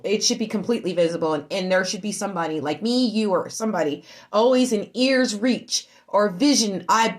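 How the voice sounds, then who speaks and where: A woman streaming casually to her online group, shaken, repeating herself, swinging from loud outbursts to low murmurs. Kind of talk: emotional casual storytelling.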